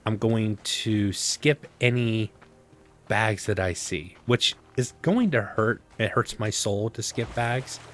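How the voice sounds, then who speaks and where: A man's voice: lowish voice, slight background noise. A man casually commenting on his own survival gameplay, rambling to himself with sarcastic asides. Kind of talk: casual let's-play commentary.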